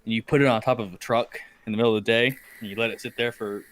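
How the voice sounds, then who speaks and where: A man's voice: on the low side, steady tone, quick pace. A young man hosting a podcast, telling crude, profane stories with lots of laughter in casual chat. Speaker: podcast host.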